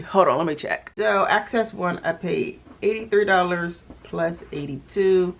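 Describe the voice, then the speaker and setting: Young woman vlogger, slightly low voice, casual chatty delivery with fillers. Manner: chatty, exasperated, lots of fillers. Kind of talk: casual chat.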